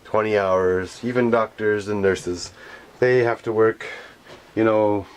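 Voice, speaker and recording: A garbage collector delivering an indignant, rambling monologue, repeating himself and often pausing with filler phrases as he searches for words. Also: lowish voice, fairly even intonation, smooth. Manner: indignant, repetitive, often pauses with "how you say".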